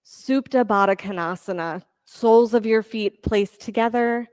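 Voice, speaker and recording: A woman teaching a yoga class, giving steady counting cues and encouraging her students. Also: fairly high pitch, measured pace, smooth, dry recording, clean studio sound. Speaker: yoga instructor. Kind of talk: leading a live yoga class.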